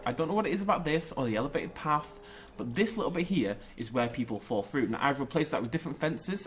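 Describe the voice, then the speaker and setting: A young man talks through a game in a chatty, rambling way and jokes as he goes. His pitch sits in the middle and swings around a lot. There is faint ambient noise behind him. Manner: chatty, jokey, rambling with self-corrections. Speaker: gaming YouTuber. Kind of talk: casual game commentary.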